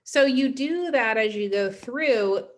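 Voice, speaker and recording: A woman's voice: fairly high pitch, lively intonation, slow. Chatty woman teacher, recorded lecture. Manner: chatty, frequent "right?" tags.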